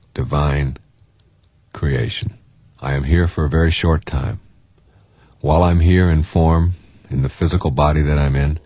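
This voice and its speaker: Low husky earnest male speaker. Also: mellow, dry recording. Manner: earnest, conversational, with fillers and repeated phrases. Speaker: self-help speaker. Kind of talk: recorded self-help talk.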